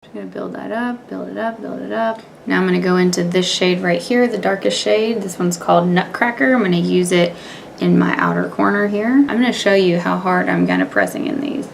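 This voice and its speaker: A woman's voice: fairly low pitch, expressive, brisk, vocal fry, slight background noise. A young woman chatting casually as she demonstrates makeup, narrating each step in a candid, offhand way. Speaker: beauty vlogger. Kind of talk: casual makeup tutorial and review.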